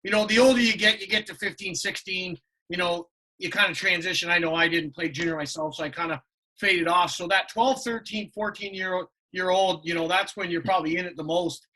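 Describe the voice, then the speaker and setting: Middle-aged dude cohosting a podcast, high bright voice, gushy and chatty. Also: male voice, brisk, poor audio. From Canada. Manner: chatty and effusive, many fillers. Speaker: podcast co-host. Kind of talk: casual chat.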